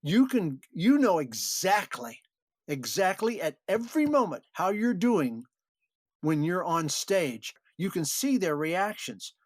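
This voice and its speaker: Older man telling lively stories. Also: sits high, slow pace, no room sound, clean studio sound. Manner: animated anecdotes, chuckling, with restarts. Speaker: guest actor. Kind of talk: storytelling interview.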